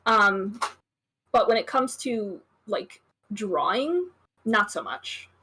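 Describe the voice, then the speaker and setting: A woman with a slightly husky voice, a guest artist chatting casually on a stream over a call. She rambles in an easygoing way and fills gaps with "um" and "like.". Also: mid-range voice, sing-song, slow pace, pushed and bright. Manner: easygoing, rambling, lots of fillers.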